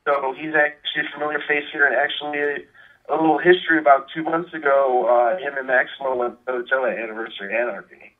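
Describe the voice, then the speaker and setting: A man's voice: mid-range voice, fairly even intonation, fast talker. A man telling rambling stories with many fillers as a guest in a casual phone interview. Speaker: guest, wrestler. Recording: tinny phone line.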